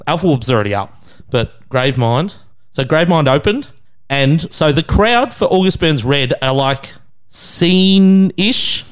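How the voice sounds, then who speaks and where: A clear, resonant voice, a little high and animated, comes from an Australian man in his thirties who takes his time. Co-hosting a casual podcast, he laughs through crude tales and acts out the voices of those he quotes.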